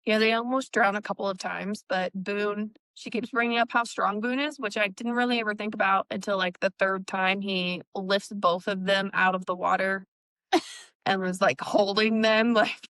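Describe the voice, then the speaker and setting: Smooth-voiced woman recapping a book. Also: medium pitch, fairly even intonation, moderate pace, a bit bright, no echo, low-quality recording. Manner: chatty recapping with laughs and fillers. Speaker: book podcast co-host. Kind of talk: casual book discussion.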